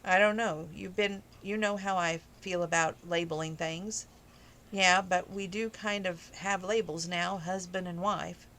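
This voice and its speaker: A woman's voice: lowish voice, fairly even intonation, a little slow, a bit bright, slight background noise, low-quality recording. A woman voicing an earnest, tender man in love as she reads a romance novel aloud. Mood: gentle.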